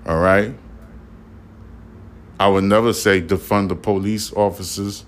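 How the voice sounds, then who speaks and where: This Brooklyn, New York podcast host has a deep voice with fairly even intonation and a slightly slow pace. His speech is a little slurred as he delivers spoken news commentary, repeating himself emphatically and asking rhetorical questions.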